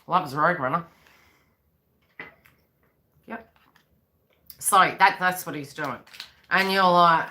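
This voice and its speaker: A woman's voice: on the low side, expressive, takes it slowly, long pauses, pushed and bright. A woman psychic reader on a live stream, chatting in a rambling way and acting out the voices she quotes.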